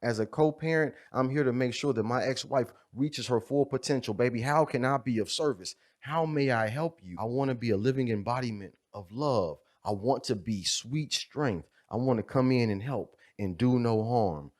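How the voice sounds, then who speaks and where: A man's voice: mid-range voice, moderate pace, few pauses, a little mellow. Impassioned man preaching about fatherhood. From USA. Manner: fervent, preacher-like, repetitive refrains. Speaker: video creator speaking on fatherhood. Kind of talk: impassioned motivational monologue.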